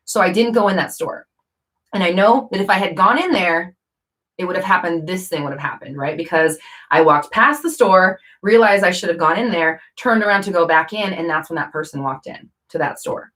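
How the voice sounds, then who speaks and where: A woman's voice: lowish voice, brisk, fairly bright tone. A woman vlogger talking casually to camera, rambling with fillers and self-corrections.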